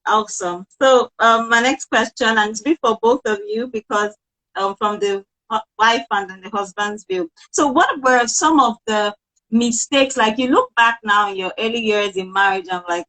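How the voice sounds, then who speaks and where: A woman with a fairly high voice hosts an interview. She asks long, winding questions, padding them with fillers and rephrasing as she goes. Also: moderate pace, pushed and bright, rough recording. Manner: rambling questions with many fillers. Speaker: host.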